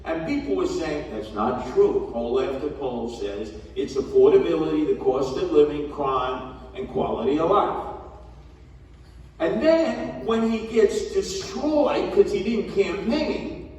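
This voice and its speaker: A man's voice: on the high side, measured pace, a little mellow. A man giving a blunt, emphatic campaign speech to a community gathering, scolding the crowd. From New York. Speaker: mayoral candidate. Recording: echoey hall from far off.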